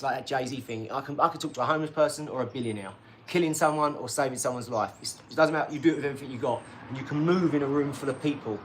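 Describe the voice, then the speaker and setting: A man's voice: a little high, fairly bright tone, slight background noise. A middle-aged British man hosting a casual boxing livestream, rambling bluntly, swearing freely and talking to his viewers. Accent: British English.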